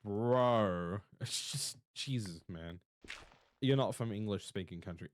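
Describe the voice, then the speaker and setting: A young man with an Australian accent, chatting casually and rambling to his stream viewers, often swearing and talking fast. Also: on the low side, a little hiss or hum. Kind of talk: casual livestream chat to viewers.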